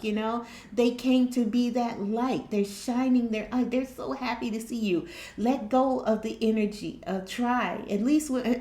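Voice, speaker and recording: A woman's voice: a little high, mellow. Chatty woman in an echoey room. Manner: conversational, acts out little dialogues, checks in with "you know what I mean?". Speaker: vlogger giving life advice. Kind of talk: casual motivational talk to camera.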